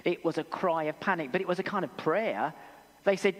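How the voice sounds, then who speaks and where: A man with an English accent preaching a sermon in a church, telling stories with animated, acted-out voices. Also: high-pitched, fairly quick. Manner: animated storytelling, acts out voices. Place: church hall. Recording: long church reverb.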